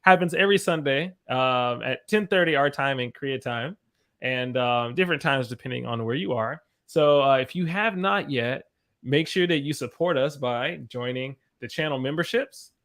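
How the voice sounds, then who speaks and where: A man's voice: medium pitch, normal speed, a bit bright. An American man hosting a casual live-stream chat over a video call, rambling and searching for his words. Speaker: host.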